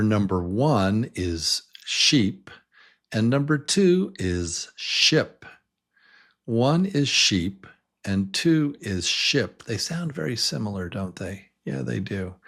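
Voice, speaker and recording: Man slowly modelling English vowels. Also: on the low side, vocal fry, slightly rough. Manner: slow, drawn-out modelling of vowel sounds; repeats single words and sounds many times. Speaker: English teacher. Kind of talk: beginner pronunciation lesson.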